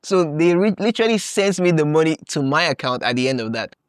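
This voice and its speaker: Animated young man, dry close sound. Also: on the high side, brisk, clean tone, no room sound. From Nigeria. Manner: animated, laughs often, acts out his own past thoughts. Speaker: podcast host. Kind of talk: casual storytelling monologue.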